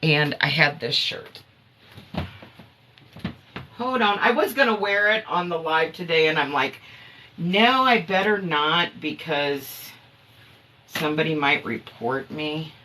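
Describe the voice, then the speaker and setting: A woman's voice: deep voice, slow, pauses often, sharp tone, a little hiss or hum. A woman hosting a casual live stream, chatting with viewers about her herbal products, laughing often.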